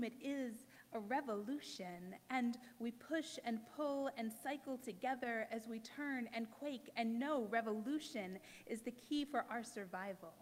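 A woman poet performs spoken word on a stage before a live audience, each phrase measured and emphatic. Her voice sits a little high, and she takes her time with it. The sound rings out with a long hall reverb. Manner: measured, emphatic poetic delivery with deliberate pauses.

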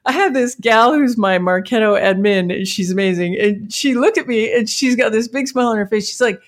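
A woman telling a work story to an interviewer in an animated, anecdotal way, laughing often as she goes. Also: on the high side, a little fast. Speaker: marketing leader.

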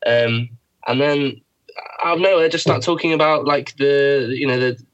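A man's voice: medium pitch, normal speed, lo-fi sound, a little hiss or hum. A man, a podcast co-host telling a rambling anecdote in casual chat and laughing through it. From England.

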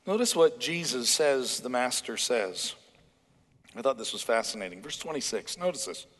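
A man preaching a sermon in a church hall, animated and emphatic, acting out bits of dialogue. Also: medium pitch, moderate pace. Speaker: pastor.

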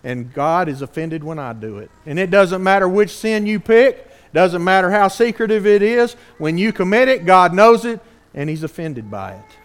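A man with a fairly high voice preaches in a drawl. He is earnest and animated and keeps asking his listeners pointed rhetorical questions. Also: moderate pace, smooth. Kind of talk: sermon.

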